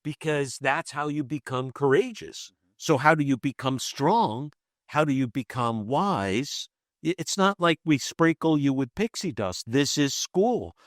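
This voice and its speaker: A man's voice: a little high, lively intonation, measured pace, dry recording, clean studio sound. A man who works as a life coach, talking as a podcast guest and explaining his ideas through examples and casual asides. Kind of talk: conversational podcast interview.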